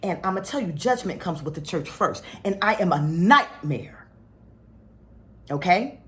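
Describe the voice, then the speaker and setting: A middle-aged woman speaks to her spiritual followers with a lively, swooping voice. She tells stories with feeling and often drops to a hushed, near-whispered tone when the point gets heavy. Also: lowish voice, unhurried. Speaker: spiritual teacher.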